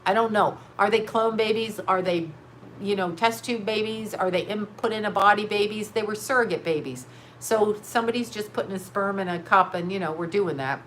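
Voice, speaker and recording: A woman's voice: medium pitch, fairly quick, fairly bright tone, slight background noise. A woman hosting a casual commentary show, rambling frankly with lots of swearing and frequent bursts of laughter. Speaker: host.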